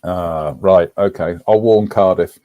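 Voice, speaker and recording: A man's voice: low-pitched, a little slow, narrow, tinny audio. A man co-hosting a casual live stream, rambling along with frequent ums as he reads out viewers' names.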